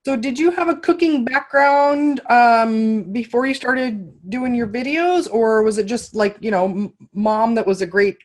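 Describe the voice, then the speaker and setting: A woman's voice: a little high, a little slow, hardly any pauses. Affirming woman podcast host. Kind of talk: casual interview chat.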